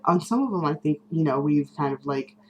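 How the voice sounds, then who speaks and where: A woman's voice: deep voice, expressive, a little fast, darkish tone, a little hiss or hum, low-quality recording. A woman vlogger chatting casually to camera, rambling with many ums and small laughs. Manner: rambling, many ums and self-corrections, giggly.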